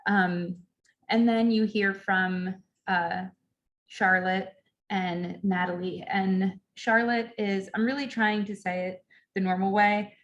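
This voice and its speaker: A woman on the library staff chats about a book in a relaxed, conversational way. She talks at an everyday pitch, filling her sentences with ums and likes. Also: takes it slowly, lo-fi sound. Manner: chatty, many ums and fillers. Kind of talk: casual book talk. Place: library event, recorded online.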